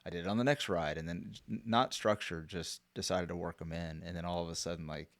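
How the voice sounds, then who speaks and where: A man co-hosting a casual podcast, relaxed and easygoing, asking questions and sharing his own experience. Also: low voice, no room sound. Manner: relaxed, easy laughter, asks questions. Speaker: podcast co-host.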